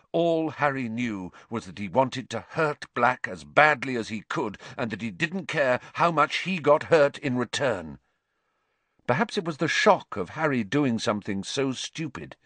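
A man reading a story aloud with dramatic, expressive narration. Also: mid-range voice, no echo. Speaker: audiobook narrator. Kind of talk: scripted narration.

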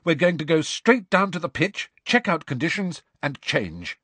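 A man voicing a brisk, businesslike teenage girl team captain in an audiobook reading. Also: a little high, big pitch swings, a bit bright, slightly rough, no echo, voice pushed up, exaggerated voice.

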